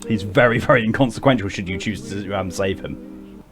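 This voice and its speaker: A man's voice: on the low side, fairly quick, music in the background. A man streaming a game, chatting wryly through his commentary and laughing often. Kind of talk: gameplay commentary.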